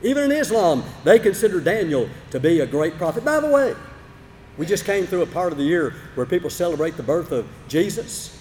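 A man preaching a sermon, telling a Bible story dramatically, moving from loud emphatic bursts to low, quiet asides. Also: big pitch swings, brisk. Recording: long hall reverb, faint background noise.

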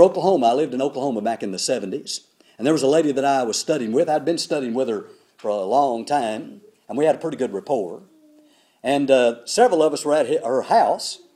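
An older preacher with a mellow, warm voice tells a sermon story. He acts out every character, and his pitch swings widely from low asides to high, excited lines. His voice sits a little higher than most men's.

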